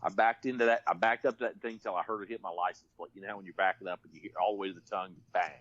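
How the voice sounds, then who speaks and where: A man's voice: deep voice, fairly even intonation, racing, fairly bright tone, no echo, lo-fi sound. Rambling storyteller man. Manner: rambling folksy yarn with restarts. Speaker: podcast storyteller. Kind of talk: casual storytelling.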